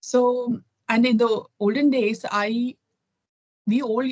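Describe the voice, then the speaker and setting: A woman's voice: on the high side, steady tone, slow, darkish tone, dry recording, highs cut off. Indian woman chatting over a video call. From Kerala, India. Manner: thoughtful, many fillers and restarts. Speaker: guest. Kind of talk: casual conversation.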